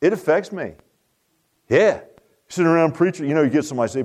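A man preaching a Baptist sermon in a folksy, animated way, often stammering and restarting. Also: fairly high pitch, fast, pauses often. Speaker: Baptist pastor.

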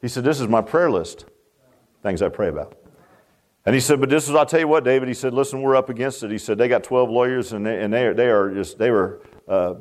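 A man delivers a sermon in a folksy, emphatic way. His voice sits somewhat high and rises and drops sharply as he drives his points home. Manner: folksy, emphatic, dramatic swings in pitch. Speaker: preacher.

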